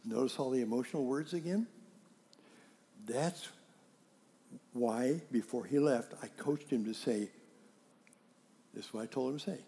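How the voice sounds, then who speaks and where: Medium-pitched and mellow, this preacher speaks a little slowly and pauses often. His sermon is conversational, built on rhetorical questions and quoted everyday exchanges he acts out in scenes.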